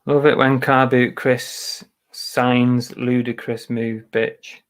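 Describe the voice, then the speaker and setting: A man's voice: mid-range voice, little pitch movement, slow pace. Chatty man muttering while he works. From Manchester, England. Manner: muttering to himself, chatty asides to viewers. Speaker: eBay reseller streaming live. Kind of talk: casual live-stream chatter while working. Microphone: webcam.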